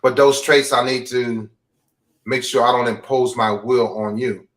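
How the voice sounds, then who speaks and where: A man's voice: medium pitch, fairly even intonation, measured pace, a bit bright, distant mic. A man speaking as an interview guest, bluntly reflecting on his own behavior and often repeating himself. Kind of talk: candid confessional talk.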